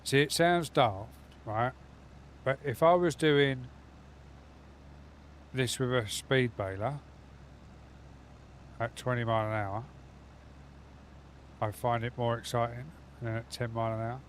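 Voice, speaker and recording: A man streams a game from home and talks straight to his viewers in a loose, rambling way. His voice sits at an everyday middle pitch. A faint hum of background noise runs under it. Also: slow, pauses often. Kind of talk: casual live gaming stream chat.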